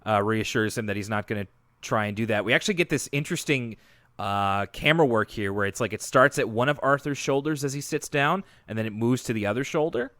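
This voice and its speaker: A man co-hosting a podcast in casual, animated chat, laughing often and doing playful voices when he quotes. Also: mid-range voice, brisk, no room sound. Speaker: podcast co-host.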